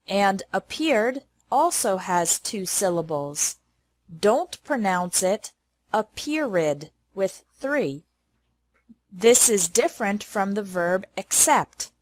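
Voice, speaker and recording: A woman teaching English pronunciation, saying model words slowly and deliberately. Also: medium pitch. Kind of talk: pronunciation lesson.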